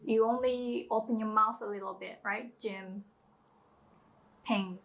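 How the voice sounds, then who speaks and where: A woman teaching pronunciation, speaking slowly and carefully and demonstrating sounds for the listener to repeat. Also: mid-range voice, fairly even intonation, vocal fry, fairly bright tone. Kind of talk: pronunciation lesson.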